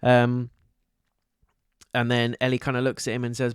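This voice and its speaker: A man's voice: on the low side, monotone, quick pace, clear, resonant tone, dry recording, studio quality. A man giving a casual spoken review of a TV episode, recapping scenes in a chatty way and loosely paraphrasing the characters' lines.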